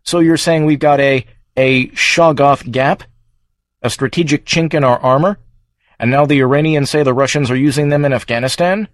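A male narrator voicing a congressman who questions a witness bluntly and demandingly, a bit higher than his narration. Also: animated, moderate pace, dry recording, natural voice. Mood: incredulous. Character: gruff male congressman interrogator.

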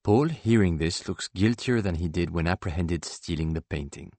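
Deep-voiced man narrating a novel. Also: moderate pace, hardly any pauses, darkish tone, no echo. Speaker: audiobook narrator. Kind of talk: scripted first-person narration.

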